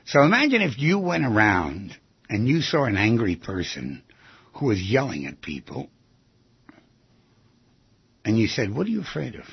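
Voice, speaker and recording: A man with a raspy, gravelly voice gives an animated talk. His pitch swings widely as he acts out quoted lines. The sound is dry and dull, like an older lo-fi recording. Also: measured pace, pauses often, dry recording. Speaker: speaker on relationships. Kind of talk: lively talk.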